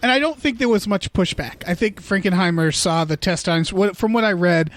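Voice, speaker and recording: A man's voice: high voice, a little fast, fairly bright tone. A man co-hosting a podcast, rambling casually about a film and acting out quotes in funny voices. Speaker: podcast co-host. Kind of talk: casual movie discussion.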